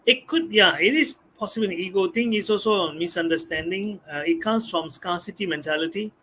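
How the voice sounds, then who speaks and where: High-pitched guy talking on a live stream, animated, stumbles over his words, a little background hiss. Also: fairly quick. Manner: animated, acts out customers' voices, repeats words. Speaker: guest speaker. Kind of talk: live-stream talk on communication skills.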